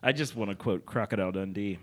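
A man's voice: on the low side, fast. A man co-hosting a podcast in casual banter, laughing often and trading playful bits. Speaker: podcast co-host.

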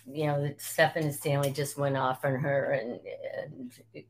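A woman, a former sports reporter telling stories as an interview guest and acting out quotes as she goes. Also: measured pace. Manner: animated, acts out quotes with rising pitch. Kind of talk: storytelling interview.

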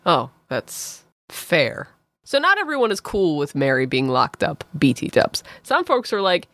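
Woman, co-host, sarcastic, wry, lowish voice, swooping pitch. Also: wildly swooping pitch, measured pace, fairly bright tone, no room sound. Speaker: podcast co-host. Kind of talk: casual comedic chat.

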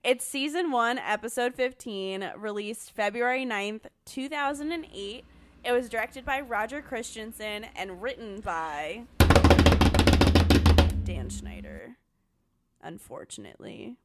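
A woman's voice: a little high, a little slow, over loud music. A young woman with a New York accent co-hosting a casual podcast, joking and laughing often. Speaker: podcast co-host. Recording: noisy home recording.

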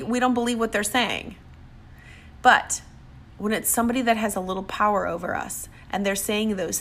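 A woman's voice: medium pitch, vocal fry, a bit bright, a little hiss or hum. A woman giving an emphatic motivational talk, sometimes acting out what other people say. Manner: emphatic, acts out quoted voices. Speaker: motivational speaker.

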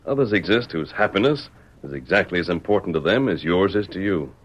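A firm, righteous masked western hero, commanding and decisive. His voice is very low, on a dull old radio drama recording. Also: lively intonation, brisk, slightly rough. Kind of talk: 1940s radio acting.

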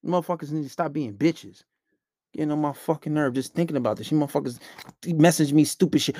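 A man's voice: on the high side, fast, warm tone, no room sound, studio quality. A man hosting a podcast, giving blunt, profane dating advice in a preachy, casual rant. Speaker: podcast host.

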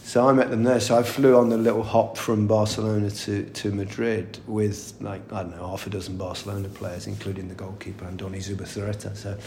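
A middle-aged man with a gravelly, creaky edge recalls stories as an interview guest. He talks in a chatty, anecdotal way, breaks into laughter often and restarts his sentences mid-thought. The voice sits in an echoey room. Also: on the low side, level tone, brisk, hardly any pauses, a little mellow, a little hiss or hum. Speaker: guest, former footballer. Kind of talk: casual interview storytelling.

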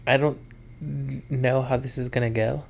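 Offhand podcast co-host, mid-pitched voice. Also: fairly even intonation, moderate pace, gravelly. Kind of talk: casual chat.

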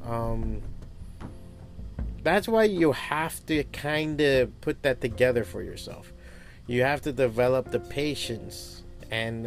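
A man who owns a comic book shop, talking in a casual podcast monologue, swearing often and rambling through animated stories. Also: mid-range voice, gravelly. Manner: profane, rambling, animated storytelling.

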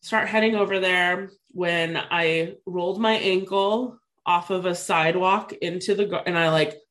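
A woman's voice: on the low side, measured pace. A woman in her thirties casually telling a personal story to a co-host, full of "like" fillers. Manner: chatty, lots of "like" fillers, animated retelling.

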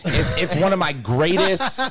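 A man's voice: a little high, expressive, a little slow, fairly bright tone. A young man talking loosely and jokingly on a casual podcast, full of slang. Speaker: podcast co-host.

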